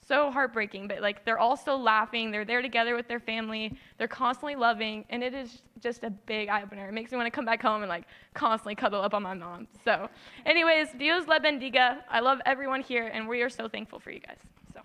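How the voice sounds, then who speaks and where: A woman's voice: fairly high pitch, fast talker, bright, forceful tone. A teenage girl giving an earnest, tearful mission-trip testimony in church. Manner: tearful and earnest, tumbling sentences. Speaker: youth mission trip member.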